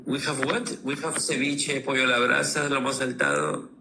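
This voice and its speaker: A man from Peru with a Peruvian Spanish accent, speaking halting learner English in a class on a video call. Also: mid-range voice, flat delivery, vocal fry, background noise. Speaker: student. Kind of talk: casual conversation.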